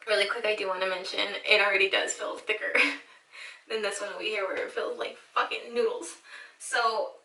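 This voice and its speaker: A woman's voice: medium pitch, steady tone, moderate pace, pushed and bright, recorded from a distance. Nervous young woman vlogging in an echoey room. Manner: nervous and emotional, swearing freely, drops to whispers. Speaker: beauty vlogger and hairstylist. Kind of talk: casual vlog, talking to camera while cutting her hair. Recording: echoey room, slightly off-mic.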